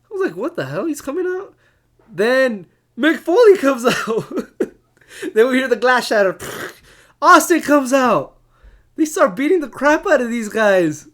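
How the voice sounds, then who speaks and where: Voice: high voice, big pitch swings, unhurried, long pauses, a bit bright. A casual reviewer ranting in an exasperated way, laughing often and swearing freely. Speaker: wrestling show reviewer.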